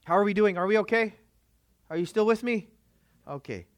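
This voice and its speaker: A man's voice: sits high, expressive, moderate pace, no room sound. Emphatic male pastor preaching. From Filipino background. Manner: emphatic, rhetorical questions to the congregation. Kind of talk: sermon.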